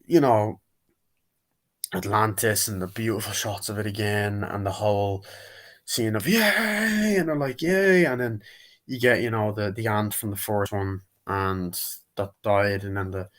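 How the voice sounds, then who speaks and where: A man's voice: fairly low pitch, flat delivery, a little slow. A man giving a casual, rambling movie review, retelling scenes and acting out lines from them. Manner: rambling, retells scenes and acts out quotes in put-on voices.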